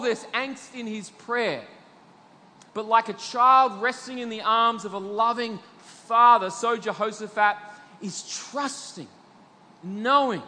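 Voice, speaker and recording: An Australian man, a middle-aged pastor, preaching a sermon with emphatic swells to loud peaks and drops to low, slow passages. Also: long reverb tail.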